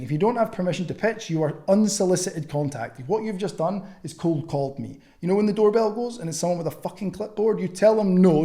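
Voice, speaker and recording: A young man coaches other trainers in a casual, blunt voice that swears freely. His tone is warm and mellow, and he sits a little high for a man. He keeps switching into quick acted-out chat lines. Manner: blunt, sweary, acts out chats in quick bursts. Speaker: online fitness coaching mentor. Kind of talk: casual teaching with acted-out message examples.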